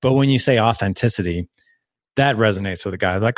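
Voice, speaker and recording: A man with a low voice talks through a personal story on a podcast and keeps the tone casual. He acts out the quotes, and his pitch leaps up for them. The sound is dry and close, with no room behind it. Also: brisk, no room sound. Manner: animated, acts out quotes with sharp pitch jumps. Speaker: podcast guest, founder of a fathers' community.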